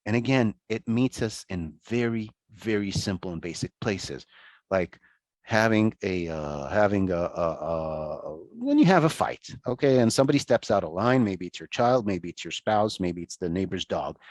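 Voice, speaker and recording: A man giving an online lecture over a video call, talking in a conversational, animated way with many restarts and asides. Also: on the low side, moderate pace, no echo.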